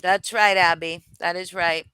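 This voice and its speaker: A young woman co-hosts a loose gossip livestream, talking bluntly and swearing as she goes. Her voice is bright and forceful, and she often stops and restarts her sentences. The sound is dry and close to the mic. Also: fairly low pitch, fairly even intonation, unhurried, clean tone, dry recording. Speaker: livestream co-host. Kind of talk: casual gossip commentary chat.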